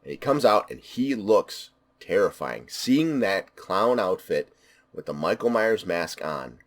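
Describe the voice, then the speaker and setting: A man talks through a film in a loose, unscripted review. His voice sits on the lower side, and he leans on repeated words to stress what he loves. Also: sing-song, measured pace. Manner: enthusiastic, emphatic repetition. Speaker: movie reviewer. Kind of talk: casual spoken film review.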